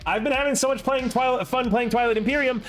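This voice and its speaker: A man's voice: very high-pitched, fairly even intonation, fast, a bit bright, faint music behind. A young man streaming, chatting casually and rambling with self-deprecating asides before running a tabletop game.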